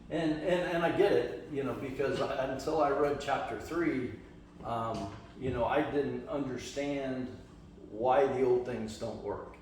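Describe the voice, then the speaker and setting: A man's voice: mid-range voice, darkish tone. A man from the western US leading a church study group in a casual, rambling way, full of restarts and fillers. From Las Vegas, western US. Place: church meeting room. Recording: echoey room, distant mic, faint hum.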